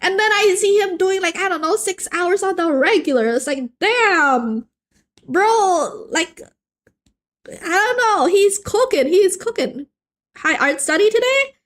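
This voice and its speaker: A young woman hosting a casual art stream, bantering with her viewers in a playful, animated way. Her voice sits high and swings widely in pitch. She often stumbles and restarts mid-sentence as she talks and draws. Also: unhurried. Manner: playful and animated, joking with chat, frequent restarts. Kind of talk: casual live-stream chat while drawing.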